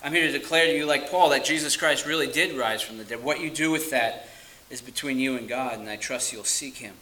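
A man preaching a sermon, earnest and emphatic, stressing key phrases slowly and dropping to quiet asides. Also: mid-range voice, echoey room, low-quality recording.

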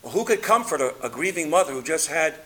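Man, preacher, sermon, high-pitched, emphatic surges, quiet low drops. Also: sing-song, quick pace. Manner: rises to loud emphatic peaks, drops to quiet; reads scripture aloud in King James wording.

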